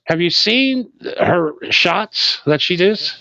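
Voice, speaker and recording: A man's voice: sits high, lively intonation, takes it slowly, bright, forceful tone, no room sound. A man co-hosting a casual podcast, rambling in a laid-back, loose and profane way. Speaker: podcast co-host. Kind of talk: casual stoner podcast chat. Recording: slightly dull lo-fi sound.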